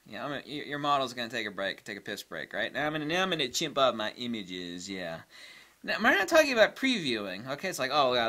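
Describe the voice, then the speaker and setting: A man's voice: medium pitch, pushed and bright. A man ranting in a sarcastic, exasperated monologue about camera habits, often mocking others. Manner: exasperated, sarcastic, mocks others in put-on voices. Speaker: photography vlogger.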